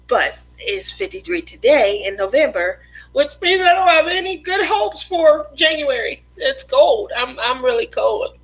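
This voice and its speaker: Bright, chatty woman livestream host. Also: fairly high pitch, rough recording. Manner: chatty, laughs often. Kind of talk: casual livestream chat reading comments. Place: home in the desert.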